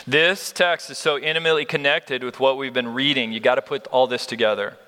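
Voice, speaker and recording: A man preaching a sermon as a pastor, earnest and animated, often restarting his sentences as he works up his point. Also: mid-range voice, fairly quick. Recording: long hall reverb.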